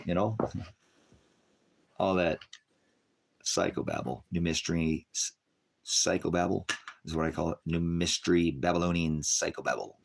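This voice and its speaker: A man's voice: deep voice, normal speed, creaky, long pauses. A man preaching casually to an online audience, rambling from point to point, often chuckling and mocking others in put-on voices.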